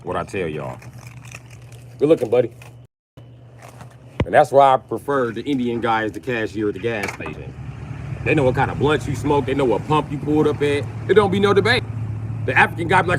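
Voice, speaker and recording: A man's voice: mid-range voice, very animated, fairly quick, long pauses, slight background noise. Crude ranting man in a car. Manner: blunt, crude, emphatic. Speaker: vlogger. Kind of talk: profane ranting monologue.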